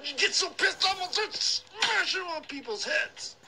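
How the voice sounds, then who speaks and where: A man's voice: very high-pitched, lively intonation, unhurried, crowd noise, full character voice, poor audio. A man voicing a brash, foul-mouthed hothead who rants profanely in a comedy phone message. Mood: ranting. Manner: profane, aggressive ranting.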